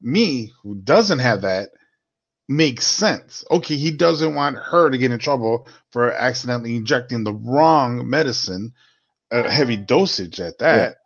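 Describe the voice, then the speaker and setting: A man's voice: mid-range voice, lively intonation, unhurried. A man in casual podcast chat, easygoing and joking as he goes along with his co-host. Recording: dull lo-fi sound.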